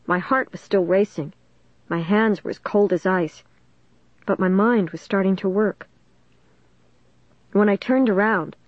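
A woman's voice: mid-range voice, dry recording. A woman narrating a storybook in a tense, dramatic reading. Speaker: audiobook reader. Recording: dull dry recording.

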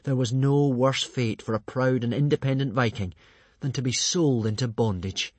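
Male storybook narrator, expressive reading, husky voice, dry close sound. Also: medium pitch, moderate pace, no room sound. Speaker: audiobook reader.

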